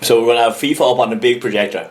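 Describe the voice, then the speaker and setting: A young man with an Irish accent, co-hosting a casual podcast and telling animated stories, laughing as he goes. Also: medium pitch, racing, slight background noise. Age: young adult. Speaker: podcast co-host. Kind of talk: casual storytelling chat.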